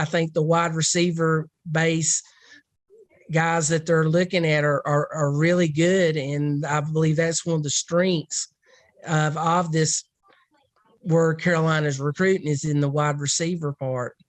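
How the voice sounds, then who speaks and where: A woman's voice: sits low, level tone, measured pace, dry recording. A woman football recruiting analyst in a casual podcast discussion, rambling and thinking aloud.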